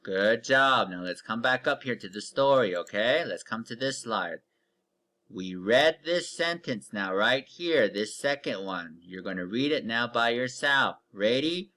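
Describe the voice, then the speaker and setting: Slow, bright-voiced male reading teacher. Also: medium pitch, animated. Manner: slow, stretched-out modeling of words with patient step-by-step cues. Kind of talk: recorded online reading lesson for young children.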